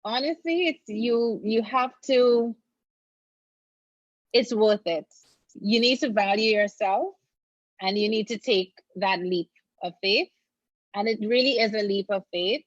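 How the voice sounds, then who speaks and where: A woman's voice: a little high, a little slow, long pauses, dry recording. Woman, attorney guest, earnest, encouraging, muffled dry call audio. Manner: earnest and encouraging, repeats phrases for emphasis. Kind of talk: casual interview chat.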